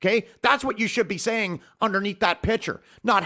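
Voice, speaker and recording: A man's voice: sits high, a little fast, hardly any pauses, sharp tone. A man hosting a podcast, delivering a heated, profane rant. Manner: profane, heated, emphatic ranting. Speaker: podcast host. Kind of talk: ranting podcast monologue. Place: home podcast studio.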